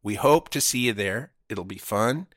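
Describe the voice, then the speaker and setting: A man co-hosting a casual podcast in a playful, jokey way. His bright, forceful voice rises and falls widely. It is recorded dry and close. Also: lowish voice, animated, normal speed, dry recording. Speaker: podcast co-host.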